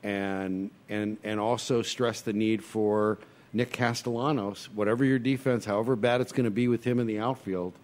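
A man's voice: on the low side, fairly even intonation, moderate pace, a little mellow. A man hosting a casual sports talk chat, pressing his points about the team with rhetorical questions.

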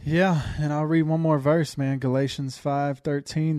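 A man's voice: fairly high pitch, flat delivery, a little slow, few pauses, a little mellow, no echo, clean studio sound. A man co-hosting a faith-based recovery podcast who backs up his partner with short, affirming interjections.

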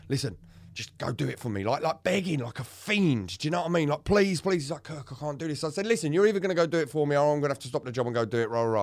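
A man's voice: medium pitch, no room sound. A man co-hosting a casual podcast, recounting his own experience candidly and swearing freely as he tells it. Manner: candid, swearing, animated storytelling. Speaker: podcast co-host.

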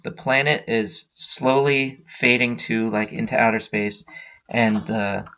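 A man's voice: mid-range voice, fairly even intonation, slow, sharp tone, dull audio. A man hosting a podcast, casually retelling a comic storyline with frequent fillers and restarts. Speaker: podcast host.

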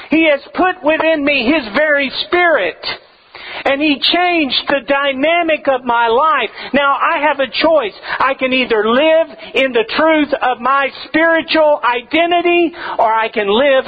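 A man's voice: very high-pitched, highs cut off. A man preaching a sermon as pastor, emphatic and repeating his key phrases to drive them home.

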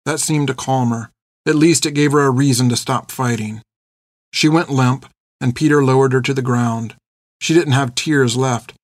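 A man narrating an audiobook in a steady, measured reading. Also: mid-range voice, no echo, clean studio sound.

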